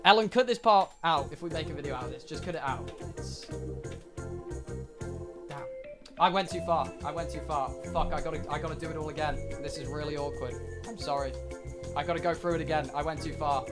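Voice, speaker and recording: A young British man streaming live, telling a story to his chat in an excitable, swearing way with dramatic pauses. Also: on the high side, music in the background. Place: home streaming room.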